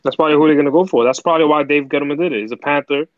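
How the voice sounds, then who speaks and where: A man co-hosts a casual sports chat with quick, offhand remarks. His voice sits a little high and comes through a dry, dull, lo-fi connection. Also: no room sound. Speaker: podcast co-host.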